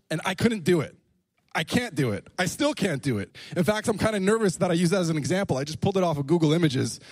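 A man's voice: a little high, darkish tone, no echo. A young adult man preaching in a church, telling jokey stories in a playful way. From Canada. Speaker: pastor. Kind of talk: lively sermon with humor.

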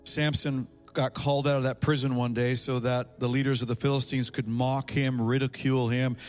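A man's voice: mid-range voice, little pitch movement, moderate pace, faint music behind. A man preaching a sermon as a pastor in a church, his volume rising and falling for emphasis. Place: church sanctuary.

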